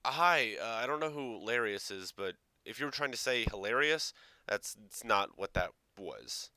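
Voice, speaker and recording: A man riffs sarcastically on a clip, cursing and mocking quotes. His voice is lowish yet bright and crisp. The close mic is dry. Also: big pitch swings, moderate pace, no room sound. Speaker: reaction video host. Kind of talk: casual reaction commentary.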